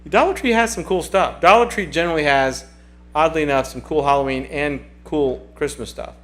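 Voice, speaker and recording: A man's voice: a little high, fairly quick, a bit bright. A man hosting a casual livestream, chatting and reading viewer comments aloud in a rambling way that often repeats itself. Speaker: livestream host.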